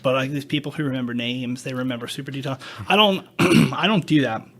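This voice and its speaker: A man's voice: mid-range voice, quick pace. A man who is a paramedic, chatting candidly on a podcast and acting out quotes from old calls. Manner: animated, recounts calls with acted-out quotes. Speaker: paramedic guest.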